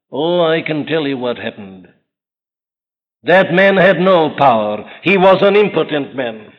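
Man, high-pitched pulpit preacher, fervent sermon delivery, dull old recording. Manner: impassioned, rising and falling emphasis. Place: large church.

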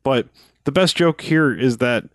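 A man's voice: medium pitch, a little slow, a bit bright, no echo, clean studio sound. A man in casual podcast chat, rambling through a movie recap and acting out lines in silly voices. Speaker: podcast co-host.

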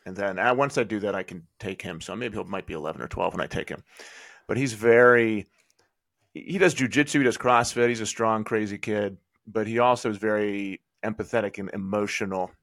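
A man hosting a podcast interview, asking questions and chatting in a relaxed, hesitant way with fillers. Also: lowish voice, a little fast. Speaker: podcast host. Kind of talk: casual interview.

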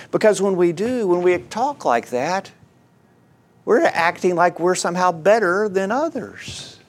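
A man preaching a sermon, earnest and exhorting, who reads scripture aloud in a measured cadence and swings between quiet, low passages and loud, rising emphasis. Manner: earnest preaching with wide swings in pitch and volume.

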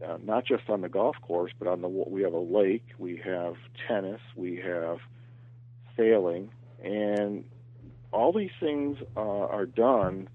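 Earnest low-voiced man on a phone line. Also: takes it slowly, breathy edge, no room sound. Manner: earnest, repeats words as he thinks. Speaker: golf professional, interview guest. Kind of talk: podcast interview. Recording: tinny phone line, very dry.

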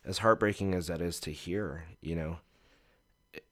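A man's voice: low-pitched, moderate pace, a bit bright. A man as a podcast guest, telling a personal story in an earnest, reflective way.

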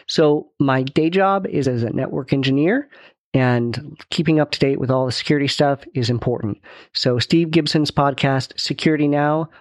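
A man's voice: medium pitch, dry recording, studio quality. A man leaving a casual recorded message for a podcast host. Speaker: podcast guest caller.

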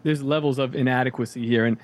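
A man's voice: medium pitch, steady tone. A man with a New York accent, a guest chatting casually and joking on a video call. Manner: fast, rambling, joking. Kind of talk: casual chat.

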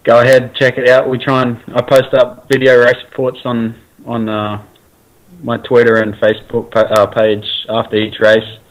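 A man with an Australian accent, a guest in a casual interview, talking in a relaxed way with many fillers and restarts. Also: mid-range voice, normal speed, poor audio. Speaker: guest, racer.

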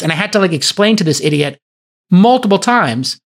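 A man's voice: on the high side, lively intonation, fast. A man hosting a podcast, telling an emphatic story in casual chat and acting out the quoted dialogue. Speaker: podcast host.

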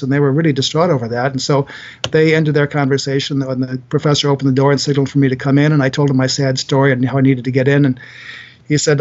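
A man's voice: mid-range voice, little pitch movement, a little fast, darkish tone, highs cut off. A man in his sixties, a doctor and author, telling earnest stories in a podcast interview with frequent repeated words. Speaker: guest, physician and author.

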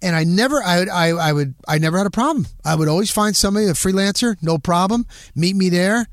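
A middle-aged man hosting a podcast, telling a story in a casual, animated way and punching it up with quick sound words. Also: high-pitched, no room sound, clean studio sound. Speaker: podcast host.

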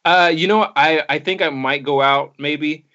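A man's voice: fairly high pitch, a little slow, pushed and bright. A man co-hosting a podcast in casual chat, rambling and stumbling over repeated words. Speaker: podcast co-host. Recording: slightly muffled podcast audio.

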